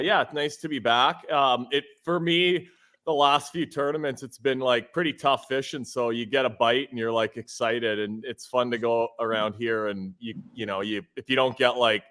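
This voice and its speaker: Relaxed male guest, casual and chuckling, on a video call. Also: mid-range voice, normal speed. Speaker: guest angler. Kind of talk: casual chat.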